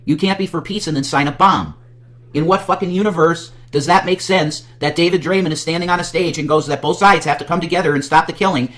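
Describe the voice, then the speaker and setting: A man's voice: mid-range voice, a bit bright. A man hosting a podcast, ranting in heavily profane, preaching commentary with frequent restarts. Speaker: podcast host.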